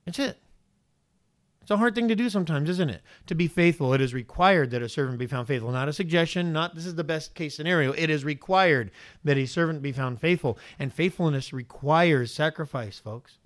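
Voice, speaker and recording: A male pastor preaches a sermon with a somewhat high voice. He asks one question after another. He shifts between urgent pleas and quieter emphasis. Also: expressive, a little fast. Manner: preaching with many rhetorical questions.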